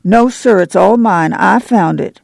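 A woman's voice: medium pitch, measured pace, vocal fry, darkish tone, dry recording. A woman voicing a spiteful, bossy little farm girl in a storybook reading.

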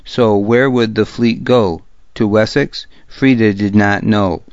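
A man reading a historical novel aloud as a narrator, in a measured, steady way. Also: fairly low pitch, no room sound, lo-fi sound. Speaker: audiobook narrator. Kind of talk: scripted narration.

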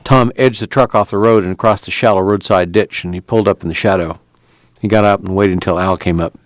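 A man reading a novel aloud in steady, measured narration. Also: fairly low pitch, dry recording. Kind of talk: audiobook narration.

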